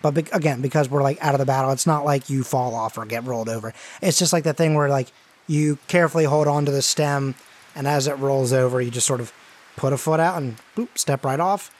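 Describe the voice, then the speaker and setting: Casual man narrating a tabletop game. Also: medium pitch. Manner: casual, halting, many fillers. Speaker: game master.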